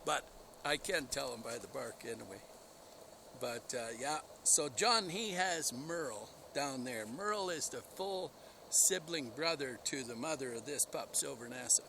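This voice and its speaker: A man's voice: medium pitch, expressive, a little slow, creaky, noisy background. A man, a dog breeder, telling a rambling, enthusiastic story outdoors and laughing at himself. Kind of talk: casual storytelling vlog.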